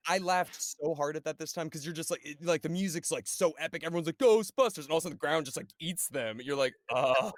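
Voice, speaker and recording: A man's voice: on the high side, quick pace, few pauses, no room sound. A man co-hosting a casual podcast chat, telling a story, swearing freely and acting out the lines he quotes. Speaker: podcast co-host.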